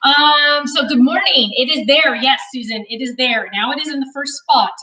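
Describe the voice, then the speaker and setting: A woman in her thirties hosting a live craft stream, chatting casually and talking loudly because she has no mic and the cameras are far away. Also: high-pitched, normal speed. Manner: chatty, self-deprecating, talks loudly to reach distant cameras. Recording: distant, unmiked room sound.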